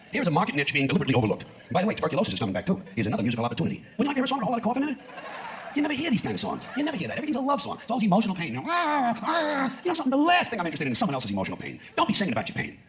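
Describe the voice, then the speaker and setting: A man's voice: on the high side, a little hiss or hum. A man performing a stand-up routine on stage, ranting in a profane, sarcastic way. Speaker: stand-up comedian. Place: stage in front of an audience.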